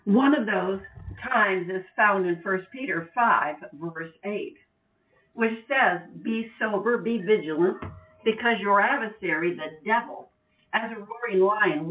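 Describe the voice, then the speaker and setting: A woman reads Bible verses aloud, careful and deliberate. She sounds distant from the mic, and the audio is narrow and tinny, like a phone call. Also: medium pitch. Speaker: Bible teacher. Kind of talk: reading scripture aloud.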